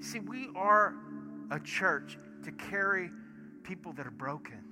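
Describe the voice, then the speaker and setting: A man, a pastor preaching in church and acting out stories, swinging from hushed asides to loud bursts. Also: high voice, a little slow. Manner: animated storyteller, acts out dialogue, swings from hushed to shouting. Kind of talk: sermon with storytelling. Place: church sanctuary. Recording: music playing behind sermon. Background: soft worship music.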